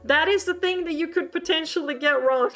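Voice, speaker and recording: A woman's voice: sits high, fairly bright tone, soft background music. A woman, chatty and giggly, teaching a casual streamed language lesson as a VTuber. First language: Swedish. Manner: chatty and giggly, quick to laugh at her own jokes.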